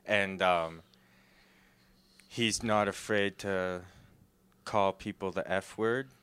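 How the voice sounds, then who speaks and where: A man's voice: low voice, fairly even intonation, slow pace, fairly bright tone, clean tone. A young man in casual chat, rambling with many fillers and giggling often.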